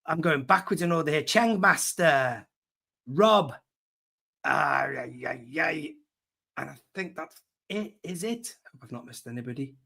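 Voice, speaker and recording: A man's voice: a little high, animated, a little slow, gravelly, pushed and bright. A man hosting a live online fan show, chatting casually and reading out viewer names. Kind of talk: casual live-stream chat.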